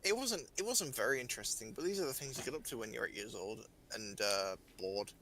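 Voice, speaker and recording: A man's voice: mid-range voice, lively intonation, a little fast, a crowd in the background. Joking young man chatting while gaming. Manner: joking, self-deprecating, trails off and restarts. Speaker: gamer. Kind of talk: casual gaming chat.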